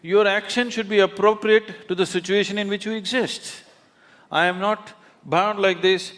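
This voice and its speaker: A man's voice: sits high, steady tone, moderate pace, fairly bright tone. A man, a spiritual teacher speaking emphatically onstage, often laughing as he tells stories. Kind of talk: onstage conversation. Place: large auditorium.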